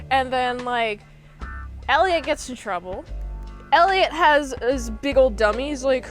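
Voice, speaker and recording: A young woman, working as a movie reviewer, casually recaps a film in a slightly high, unhurried, somewhat bright voice. She rambles with plenty of fillers and slips into goofy character impressions while soft music plays behind her.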